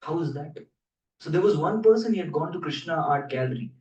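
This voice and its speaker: A male preacher tells scripture stories with humor, teasing his listeners between points. His voice sits fairly high and carries through a large echoing temple hall from a distance. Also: expressive, a little fast, warm tone, dull audio. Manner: humorous, playful asides to the audience. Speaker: preacher giving a scripture class. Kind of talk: sermon storytelling.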